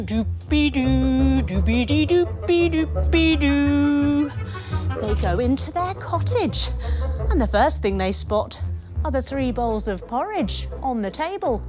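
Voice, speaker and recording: Woman, 30s, kids' yoga storyteller; high, very lively, slow and soothing. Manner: animated, soothing, sing-song. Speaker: kids yoga instructor. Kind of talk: storytelling yoga lesson for children.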